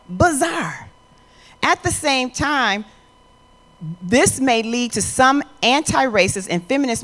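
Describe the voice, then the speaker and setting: A middle-aged woman gives a motivational talk in an emphatic, conversational voice at a middle pitch. She drops into quiet, personal asides, then builds up to loud, ringing declarations. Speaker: motivational speaker.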